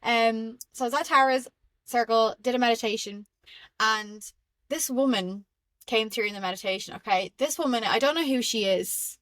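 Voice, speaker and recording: A young Irish woman hosting a podcast, telling spiritual stories in an excitable, rambling way with frequent laughs. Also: on the high side, normal speed, no room sound. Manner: excitable and rambling, laughs often, many fillers. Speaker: podcast host. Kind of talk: casual spiritual storytelling monologue.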